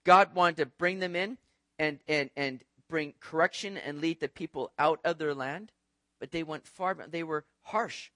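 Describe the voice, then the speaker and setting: High-voiced man preaching animatedly. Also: moderate pace, no echo, studio quality. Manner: animated, conversational preaching with rhetorical asides. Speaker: pastor. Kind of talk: sermon.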